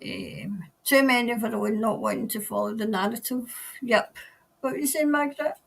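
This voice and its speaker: On a casual live stream, a tarot reader with a slightly high, gravelly voice responds to viewer comments at a moderate pace. She chats and rambles, laughs frequently, and often drifts off mid-sentence.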